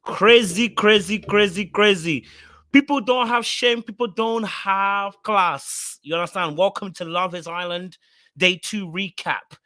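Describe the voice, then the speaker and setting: A man's voice: sits high, measured pace, sharp tone, no room sound, studio quality. A man hosting a casual reality TV recap. He talks straight to his viewers and repeats words for emphasis.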